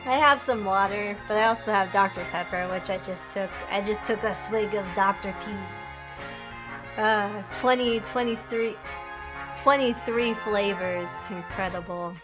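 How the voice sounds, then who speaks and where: A woman streamer chats through a game in an unhurried, easygoing way, laughing often and poking fun at what the characters say. Her voice sits at an ordinary pitch for a woman. Game music plays clearly behind her. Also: fairly even intonation. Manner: giggly, teasing, reads game lines aloud. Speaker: VTuber streamer. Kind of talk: casual game playthrough commentary.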